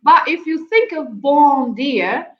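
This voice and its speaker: A woman gives a live online lesson, explaining things patiently and laughing often. Her voice sits a little high, and it comes through a muffled video call with a lot of room echo. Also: expressive, slow pace. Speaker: Portuguese teacher.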